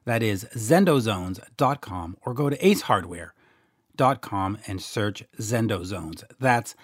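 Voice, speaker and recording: A man's voice: fairly low pitch, lively intonation, unhurried, no room sound, studio quality. A Canadian man hosting a podcast, rambling in a jokey, casual way with plenty of fillers and restarts. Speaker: podcast host. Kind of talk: casual solo podcast talk.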